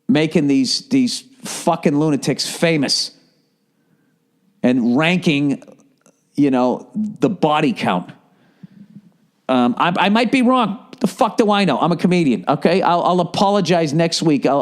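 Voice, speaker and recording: A man hosting a solo podcast, ranting in a profane, fired-up way with sarcastic asides, from the Boston area. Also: a little high. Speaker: podcast host.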